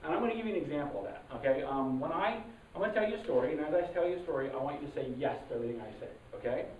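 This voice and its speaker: Halting improv host warming up a crowd. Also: mid-range voice, animated, slight background noise. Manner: halting, with many fillers and restarts; calls out cues loudly to the crowd. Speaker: improv troupe member warming up an audience. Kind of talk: live audience warm-up talk. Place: live show venue. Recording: distant, roomy, muffled live recording. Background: audience ambience.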